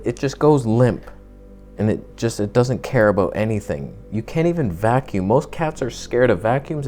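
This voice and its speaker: A man's voice: medium pitch, dark tone. A young man chatting casually to camera, telling rambling, jokey stories and swearing now and then. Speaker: vlogger.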